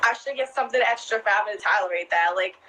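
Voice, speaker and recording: Speaking at medium pitch and a quick clip, this young club dancer sounds pushed and bright, with a faint hiss or hum on poor audio. She's chatting casually through her stories, cursing, laughing a lot, and leaning heavily on "like."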